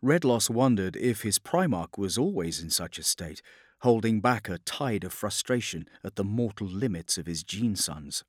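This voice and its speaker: A man narrating a science fiction audiobook in a measured, grave storytelling manner. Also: lowish voice, lively intonation, dry recording, clean studio sound. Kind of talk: scripted dramatic narration.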